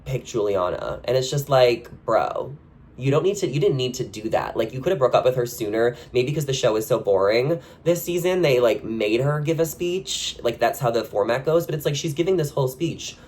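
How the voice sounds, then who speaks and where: A man chats at an everyday middle pitch, sharing his opinions on reality TV in a relaxed, gossipy way. He leans heavily on "like" as a filler. His voice leaps upward whenever he poses a question. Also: moderate pace. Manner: chatty and gossipy, with frequent "like" fillers; animated, with sudden jumps in pitch on questions. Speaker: reality TV commentary channel host. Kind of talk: casual opinion commentary to camera.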